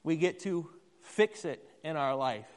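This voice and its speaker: Conversational male preacher with a high voice, recorded with long hall reverb in a church. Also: lively intonation, measured pace. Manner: conversational, asks the congregation questions. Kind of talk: sermon.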